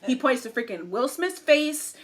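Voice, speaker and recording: On a casual podcast, a young female co-host recounts a story at normal speed, her high-pitched voice bringing animation as she performs the quoted lines. There's background noise in the recording.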